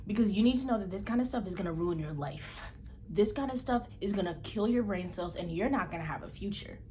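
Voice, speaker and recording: Stern sheriff lecturing teens, woman imitating him, slightly lowered voice, middle pitch. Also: expressive, a little fast, warm tone, slight background noise, natural voice.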